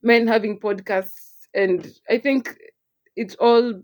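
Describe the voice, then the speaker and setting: Animated young Kenyan woman chatting. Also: on the high side, slow, muffled recording. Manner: animated, mixes English and Swahili, laughs often. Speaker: podcast co-host. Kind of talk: casual chat.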